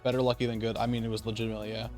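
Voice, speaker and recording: A man's voice: lowish voice, level tone, very fast, darkish tone, soft background music. A man casually recapping his card game tournament, telling it in a loose, rambling way with some swearing.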